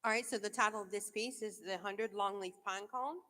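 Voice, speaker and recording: A woman presenting an artwork at an auction in a measured, descriptive way. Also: medium pitch, pushed and bright. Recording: reverberant event hall.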